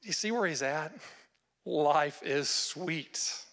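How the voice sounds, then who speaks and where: A man delivers a sermon, retelling a scripture story with animated storytelling and frequent rhetorical questions. His voice sits slightly high for a man. It carries with a long reverb, as in a large hall. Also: slow pace. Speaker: pastor.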